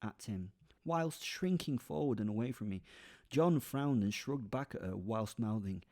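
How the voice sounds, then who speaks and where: A man's voice: fairly low pitch, expressive, a little slow, darkish tone. A man telling a comic first-person tale as a podcast host, wandering into asides and dropping to a whisper. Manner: rambling asides, drops into whispers.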